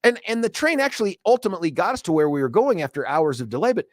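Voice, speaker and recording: His voice sits high and moves fast, captured in a studio on a studio microphone with no room sound. He's a talk radio host in his fifties, chatting casually and telling lively, rambling stories full of restarts.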